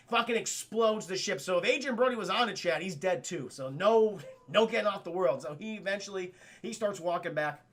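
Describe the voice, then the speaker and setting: A man's voice: high voice, lively intonation, fairly quick, fairly bright tone. A man streaming live, recapping a movie in a casual, profane, rambling way while talking to his chat. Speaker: streamer reviewing a film.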